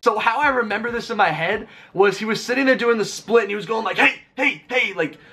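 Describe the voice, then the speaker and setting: With a high, somewhat bright voice, a twentysomething YouTuber rattles off a story to his viewers vlog-style, his quick chatter full of "like." There's a faint hiss or hum in the background.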